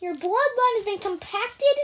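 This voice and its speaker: Kid voicing a bossy squeaky young pet. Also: lively intonation, unhurried, slight background noise, full character voice. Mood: scornful. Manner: bossy, shouts insults, breaks into laughter. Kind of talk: improvised home pet role-play.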